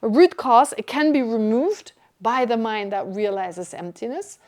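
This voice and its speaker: A woman from Germany, giving a Buddhist teaching to a class in a lively, joking way with rhetorical questions. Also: on the high side, unhurried. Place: meditation centre teaching hall.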